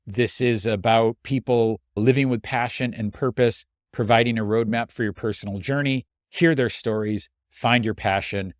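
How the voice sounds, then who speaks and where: Here a podcast host and coach looks back on his year, his mid-range voice keeping a fairly even intonation. His delivery is earnest, heartfelt, slow and deliberate, a reflective talk on his own. It's studio quality with no room sound.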